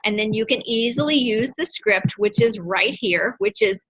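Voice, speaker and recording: A woman's voice: fairly high pitch, animated, normal speed, a bit bright, husky. A middle-aged woman leading a motivational sales training class, talking with emphatic energy and acting out phone scripts. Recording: dull lo-fi recording.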